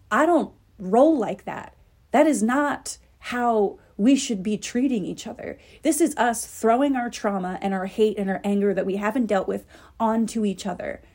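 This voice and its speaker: A woman's voice: fairly high pitch, mellow. A young adult woman hosting a podcast, talking in a casual, opinionated monologue, chatty and emphatic with lots of "like". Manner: chatty, heavy use of "like", emphatic. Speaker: podcast host.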